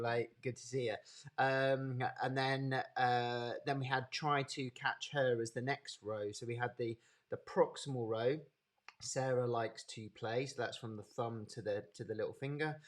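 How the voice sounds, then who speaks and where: A man with a Birmingham accent giving an informal anatomy lecture over a live webinar, chatty and unhurried, greeting attendees by name. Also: mid-range voice. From English Midlands.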